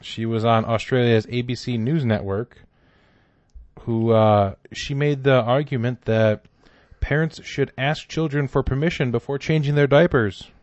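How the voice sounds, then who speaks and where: A man co-hosting a comedy podcast, chatting casually with sarcastic, animated delivery. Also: medium pitch, a little slow, no room sound, dull audio. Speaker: podcast co-host.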